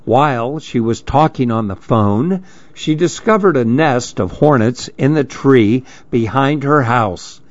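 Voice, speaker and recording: A man hosting a program, reading a children's story aloud in a gentle, measured way. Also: medium pitch, lively intonation, no echo, highs cut off.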